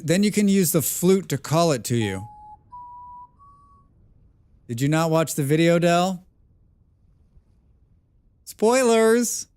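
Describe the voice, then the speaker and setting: Loud excitable man streaming a game. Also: fairly high pitch, clean tone. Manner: loud and excitable, calls himself a passionate speaker. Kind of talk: live stream commentary, chatting with viewers.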